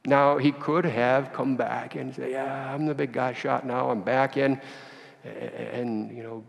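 A man giving a sermon, telling a story with acted dialogue in an animated way. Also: mid-range voice, slow pace, creaky. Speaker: priest. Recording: long reverb of a church hall.

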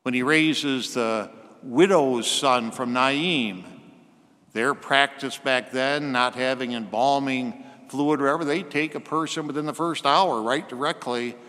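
A man preaching a sermon, slowing and softening his voice when he quotes scripture. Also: mid-range voice, long reverb tail.

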